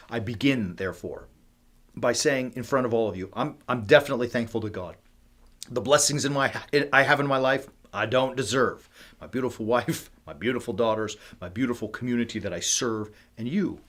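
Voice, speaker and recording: Animated conversational male ministry leader. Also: medium pitch. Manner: animated and conversational, with many fillers like "like" and "you know"; emphatic swings between loud and soft delivery. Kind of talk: casual devotional livestream talk.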